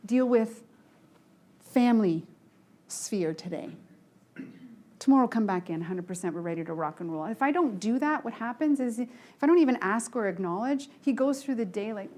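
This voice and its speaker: A middle-aged woman leadership speaker gives a motivational talk to a live group in a somewhat high voice, at normal speed with frequent pauses. Her storytelling is lively and frank, and she acts out the dialogue.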